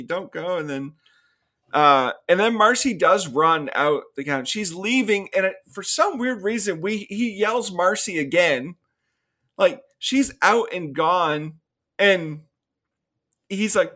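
A man's voice: on the high side, lively intonation, slow pace, sharp tone. A young man co-hosting a casual film review podcast, recapping scenes and acting out characters' lines between laughs. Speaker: podcast co-host.

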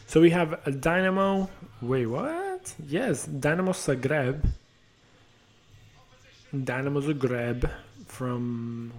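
A young man hosting a podcast, rambling and joking about soccer, swearing and teasing himself. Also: on the high side. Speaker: podcast host. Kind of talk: casual soccer chat.

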